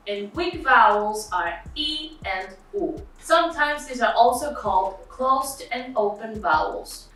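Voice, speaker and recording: A woman with an Argentinian accent, a Spanish tutor giving an online language lesson and spelling out examples slowly and clearly. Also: on the high side, sharp tone, very echoey, distant mic, rough recording.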